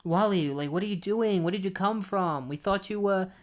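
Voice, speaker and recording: A man voicing a sharp-tongued adult woman in a comic book recap. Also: high voice, moderate pace, voice pushed up, close to an everyday voice. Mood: worried.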